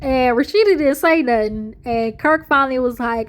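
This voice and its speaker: High-voiced woman, chatty reality TV recap, plays out the quotes. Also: moderate pace, few pauses. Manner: animated storyteller, slips into the voices of the people she quotes, laughs often. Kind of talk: casual chat, retelling with acted quotes.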